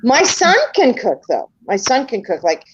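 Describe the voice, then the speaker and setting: A woman's voice: on the high side, wildly swooping pitch, moderate pace, husky, rough recording. A middle-aged woman in casual group voice chat, telling family stories with lots of chatty asides. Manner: chatty storyteller acting out family dialogue. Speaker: panel participant.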